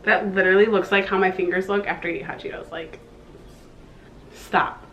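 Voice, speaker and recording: A young woman with a twang, gushing excitedly as she reviews a makeup palette in a casual vlog. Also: mid-range voice, racing, echoey room, muffled recording, soft background music. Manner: gushing, excitable, slangy, with breathy exclamations. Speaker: beauty vlogger.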